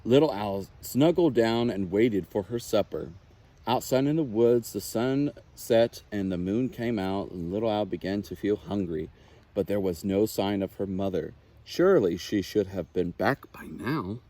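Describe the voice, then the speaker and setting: A man, a naturalist, reading a children's picture book aloud with expressive, unhurried storytelling. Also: lowish voice.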